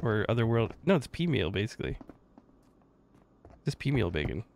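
A man's voice: on the low side, very animated, moderate pace, vocal fry, a little mellow, a little hiss or hum. A man streaming a game, chatting casually, joking, swearing and laughing often. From Canada. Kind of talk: casual gaming chat.

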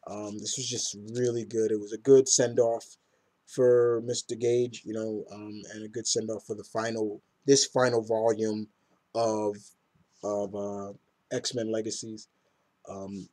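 Mellow-voiced man rambling casually. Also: on the low side, little pitch movement, a little slow. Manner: rambling, enthusiastic, many fillers. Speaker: comic book reviewer. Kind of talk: casual review monologue.

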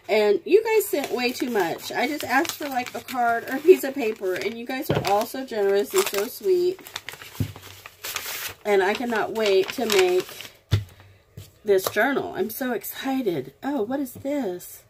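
A woman's voice: fairly high pitch, lively intonation, noisy background. A woman vlogger, gushing affectionately as she opens crafting mail at home. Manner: gushing, affectionate, slow and drawn-out. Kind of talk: casual unboxing chat.

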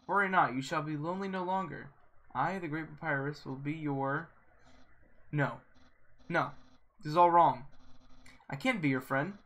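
A man's voice: on the high side, normal speed, pauses often, fairly bright tone. A man reading out the lines of a boastful, goofy male skeleton in a video game, in a grandiose, self-important way. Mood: flustered. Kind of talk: reading game dialogue aloud.

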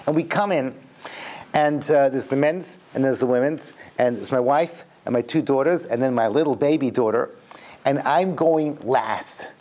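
Animated British rabbi telling stories. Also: male voice, medium pitch, normal speed. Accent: British English. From Britain. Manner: animated storyteller, mixes jokes with teaching. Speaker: rabbi and lecturer. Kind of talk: humorous lecture to a live audience.

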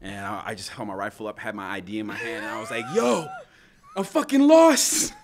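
Profane, animated man telling war stories. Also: lowish voice, very fast, background noise. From United States. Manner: profane, animated storytelling with acted-out quotes. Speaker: podcast guest. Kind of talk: casual storytelling.

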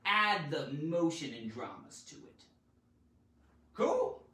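Theatrical man teaching grammar, very animated. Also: high-pitched, measured pace. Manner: theatrical and playful, with sudden loud exclamations. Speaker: grammar teacher hosting a live stream. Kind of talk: lively live-streamed grammar lesson. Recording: roomy echo, mic at a distance.

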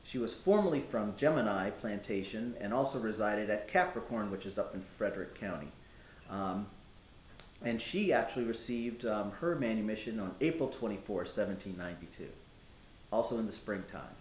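A man in a historical reenactment, playing someone who respectfully reports news of freed neighbors, listing facts in a measured way with many pauses and ums. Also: lively intonation, close to an everyday voice. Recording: roomy with faint low rumble.

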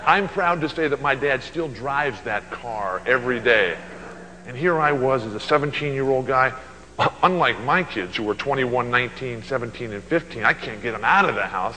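A man in his sixties giving an animated keynote at a luncheon, telling stories and acting out voices. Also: mid-range voice, normal speed, in a large hall, slight background noise, rough recording. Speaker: motivational speaker. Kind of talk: storytelling keynote speech. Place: banquet hall at a luncheon.

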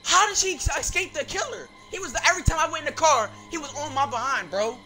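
A man giving excitable, slangy gameplay commentary, reacting loudly as he plays. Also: extremely high pitch, fast. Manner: casual slangy talk. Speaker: gaming channel host. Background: game music.

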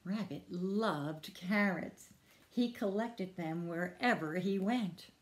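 A woman librarian reading a picture book aloud at preschool storytime, asking the children questions. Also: on the low side. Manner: slow, lively, questions to children. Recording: echoey room.

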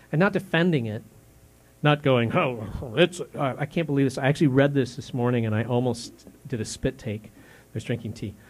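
A male pastor in his fifties preaching a sermon in a conversational, questioning way, full of restarts, softening on grave words and rising when indignant. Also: mid-range voice. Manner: drops soft and slow on grave words, rises sharply when indignant.

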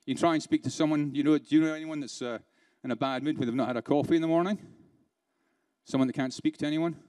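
A British man delivers a conference keynote in a chatty way, firing rhetorical questions at the room and slipping into dry sarcasm. His voice sits a little high for a man and sounds close and dry. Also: fairly even intonation, fast, darkish tone, no echo. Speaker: keynote speaker.

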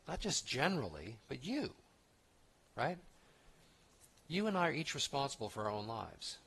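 A man's voice: mid-range voice, big pitch swings, moderate pace, gravelly, long pauses, a bit bright, husky. A man pastor giving an expository sermon in a conversational, emphatic way, with restarts and asides.

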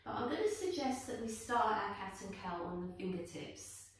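Calm woman guiding yoga in echoey room. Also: mid-range voice, normal speed. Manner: calm, gently encouraging cues. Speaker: yoga teacher. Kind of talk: guided yoga class instruction. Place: indoor room, teacher on her mat. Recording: echoey room, voice from a distance, faint background noise.

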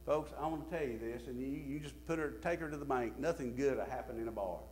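A male pastor preaching a sermon, swinging from emphatic bursts to quiet, low drops. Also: quick pace, slight background noise.

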